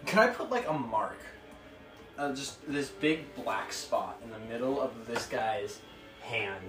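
Excitable man playing a tabletop game. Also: mid-range voice, takes it slowly. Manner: excitable, jokey. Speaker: player. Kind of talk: casual tabletop game chat. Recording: echoey room, mic at a distance, music behind.

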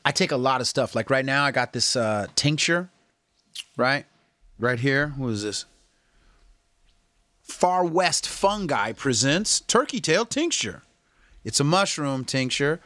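In an unhurried, medium-pitched voice broken by long pauses, a male health and fitness vlogger gives viewers a casual pep talk to camera. The recording has no room sound. He coaches with earnest, slangy encouragement and livens up when repeating what others said.

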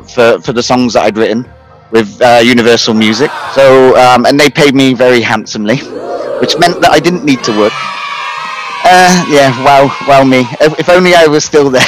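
A man's voice: mid-range voice, low-quality recording. Guy, 30s, chatty guest; loose, filler-heavy telling of his own story. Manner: rambling, lots of fillers and restarts, laughs at himself. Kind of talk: casual spoken account.

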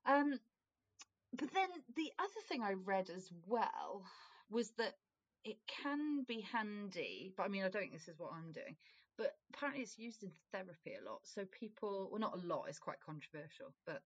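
A woman's voice: medium pitch, sing-song, normal speed, no echo, dull audio. A young woman in her twenties from Wales, chatting on a podcast, laughing often and swearing casually. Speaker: podcast co-host.

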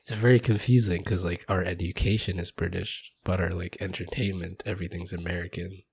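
A man from the Maldives co-hosts a casual podcast chat, with a very low, gravelly, husky voice. His talk rambles and restarts itself mid-sentence. The sound is dry and close. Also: fairly even intonation, a little fast, darkish tone. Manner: rambling, loose, self-interrupting. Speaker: podcast co-host.

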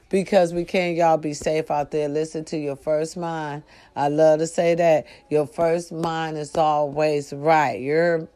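A woman vlogger talking straight to her followers in a casual, preachy, profane monologue that swings from low murmurs to loud outbursts. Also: a little slow. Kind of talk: casual direct-to-camera monologue.

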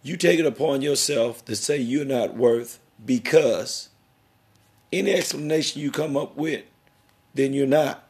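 Gravelly, preachy middle-aged man. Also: mid-range voice, a little slow, darkish tone. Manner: emphatic, preachy and rambling. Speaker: podcast host. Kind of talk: emotional podcast interview.

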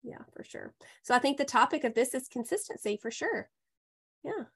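A woman hosting a casual podcast chat, effusive and quick to laugh. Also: sits high, sing-song, gravelly, breathy edge. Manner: warm, effusive, laughs often. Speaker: podcast host and health coach.

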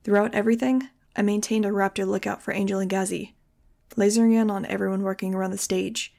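A woman reading a novel aloud in the first person, with steady, expressive storytelling. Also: mid-range voice, quick pace, creaky. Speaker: audiobook reader.

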